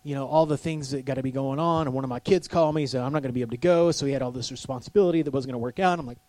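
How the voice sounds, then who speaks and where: A man's voice: mid-range voice, rapid-fire, a little mellow, no echo. Chatty preacher man, dry close sound. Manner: conversational, self-deprecating, asks the crowd for agreement. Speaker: pastor. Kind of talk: sermon.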